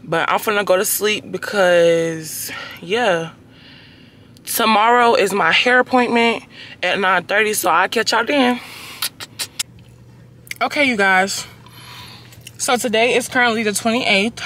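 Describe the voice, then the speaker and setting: A young woman vlogging from her car, chatting casually to her phone camera in a slangy, expressive way, swearing freely. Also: medium pitch, slight background noise. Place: inside a car, on the road.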